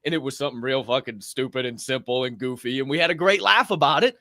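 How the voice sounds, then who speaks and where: Animated, cursing podcast host, dry sound. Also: male voice, mid-range voice, fast talker, no room sound. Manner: animated, profane, emphatic storyteller. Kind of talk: casual podcast chat.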